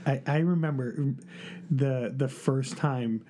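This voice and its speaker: A man's voice: mid-range voice, slow, dark tone, a little hiss or hum. A man in his thirties co-hosting a casual Catholic chat show, laughing often and tripping over words. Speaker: co-host of a Catholic live show.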